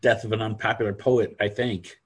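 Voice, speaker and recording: A man's voice: fairly low pitch, flat delivery, brisk, breathy edge. A man co-hosting a podcast, chatting keenly and trailing off mid-sentence. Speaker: podcast co-host. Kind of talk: casual chat.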